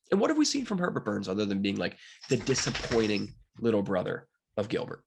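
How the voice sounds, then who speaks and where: Young guy from pennsylvania rambling about fight picks, lowish voice that jumps all over. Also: quick pace, vocal fry, hardly any pauses, breathy edge. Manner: animated, jokey, wide swings in pitch. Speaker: sports betting commentator. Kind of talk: casual solo betting talk.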